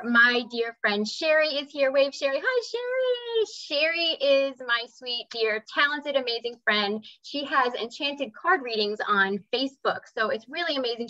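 A woman with a bright, slightly raised voice talks effusively to her audience, then slows into soft guided breathing and visualization cues. The sound is dull and lo-fi, like a livestream. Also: on the high side. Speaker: spiritual teacher and medium hosting a live event. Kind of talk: casual live talk and guided meditation.

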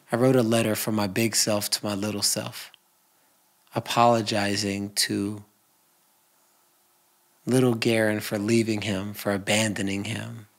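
Gravelly guy on a podcast, earnest, whispers then gets loud telling his story. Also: on the low side. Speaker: podcast guest. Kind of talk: emotional personal storytelling.

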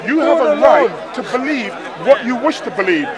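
High-voiced man lecturing over crowd noise. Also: very animated, normal speed, rough recording. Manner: lecturing, repeats "you understand?" and phrases for emphasis; raises his voice and trades insults in heated arguments. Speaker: street preacher-style public speaker. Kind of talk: heated open-air street debate. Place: outdoors in a busy park, London. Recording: outdoor crowd chatter in a park.

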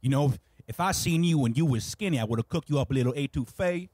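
A man's voice: medium pitch, fast, darkish tone, no room sound, close to an everyday voice. A man voicing a skeletal old male political strategist with a put-on Cajun drawl, folksy and menacing. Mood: teasing.

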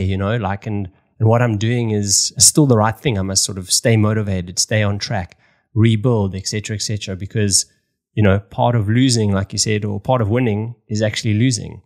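A man's voice: lowish voice, steady tone, moderate pace, a little mellow. A man hosting a podcast, talking casually and hesitantly with lots of fillers. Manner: hesitant, many fillers and restarts. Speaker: podcast host. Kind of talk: casual interview talk.

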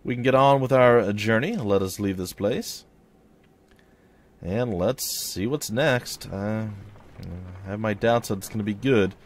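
A young man talks through a video game in a relaxed, chatty way, now and then reading the on-screen story aloud. His voice sits fairly low for a man. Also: unhurried. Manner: chatty, reads in-game text aloud and voices characters lightly. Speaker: let's play host. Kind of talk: casual gameplay commentary with dialogue read aloud.

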